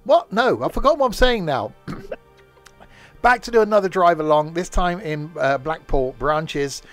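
A man's voice: fairly high pitch, lively intonation, normal speed, soft background music. A man hosting a casual live stream, rambling and joking and losing his thread. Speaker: streamer host.

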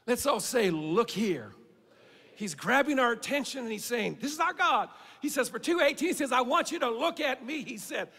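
Preacher guy, really high bright voice, gravelly, big church echo. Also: animated, a little fast, few pauses. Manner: fervent preaching, swings between shouting and quiet. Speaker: pastor. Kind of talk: sermon. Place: church sanctuary.

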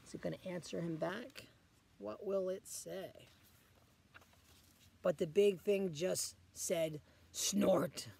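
A man reading a picture book aloud to children as a guest reader, pausing often to ask the children questions. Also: high-pitched, steady tone, creaky, warm tone, breathy edge.

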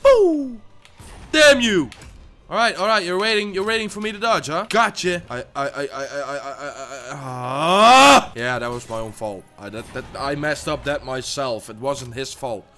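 Male gaming YouTuber, bright voice, volatile: shouts, stammers, mutters, over faint game music. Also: moderate pace. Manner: excitable, swings from loud outbursts to low muttering; swears, stammers and repeats himself. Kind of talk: live gameplay commentary.

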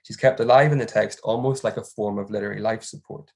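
A young man, a doctoral researcher, reading an academic paper aloud in a measured, formal way and marking each quotation aloud. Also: on the low side, fairly even intonation, darkish tone, husky.

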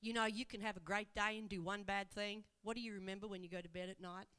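A woman evangelist preaching in a church, telling the story in an animated way and asking rhetorical questions. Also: medium pitch, fast, clear, resonant tone. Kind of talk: sermon.

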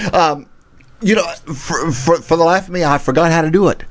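Rambling, lively talk show host man. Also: on the high side, fairly quick. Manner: rambling, stumbling, self-mocking, laughs a lot. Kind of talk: casual live show chat. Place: live talk show studio.

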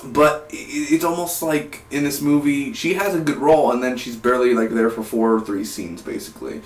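Brief: young male film vlogger, enthusiastic and rambling, middle pitch, echoey room with the mic set back. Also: fairly even intonation, moderate pace. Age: 20s. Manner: rambling, restarts sentences, enthusiastic. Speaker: film reviewer. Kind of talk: casual vlog review. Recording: roomy, distant from the mic.

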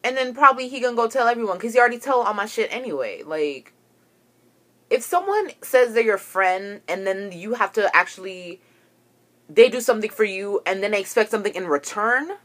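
A woman's voice: mid-range voice, a bit bright. A young woman ranting to camera, agitated and profane as she tells a story about a falling-out. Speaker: vlogger.

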